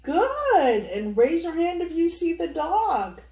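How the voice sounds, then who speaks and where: A woman's voice: very high voice, sing-song, takes it slowly, a little mellow. An older woman reads a picture book to children, asking them sing-song questions and coaxing them along. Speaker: children's storyteller. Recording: echoey room, voice from a distance.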